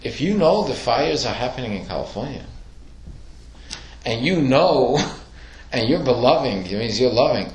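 A man's voice: mid-range voice, expressive, moderate pace, long pauses. A man teaching a Torah lesson to a class, asking questions and telling stories with acted-out quotes. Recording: echoey room.

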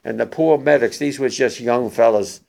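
An older man, a war veteran, gives spoken testimony to young listeners, halting and emotional with many restarts. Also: mid-range voice, creaky, a little mellow.

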